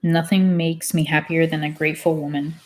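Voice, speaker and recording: A woman voicing a confident male womanizer in his late twenties in a low, plain reading voice. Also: little pitch movement, fairly quick, a little mellow, close to an everyday voice. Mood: content.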